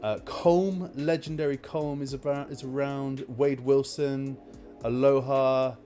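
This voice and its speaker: Animated man hosting a live stream. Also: mid-range voice, a little slow, faint music behind. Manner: animated, exasperated storytelling; rambling with many fillers. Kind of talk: casual live stream chat.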